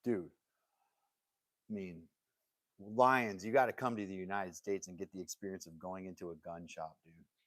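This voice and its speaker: Male live-stream host, low-pitched, dry close sound, loose jokey banter aimed at his chat. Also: fairly even intonation, moderate pace, long pauses, fairly bright tone, no room sound. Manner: joking, rambling, laughs often and talks straight to chat. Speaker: livestream host. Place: home woodworking workshop.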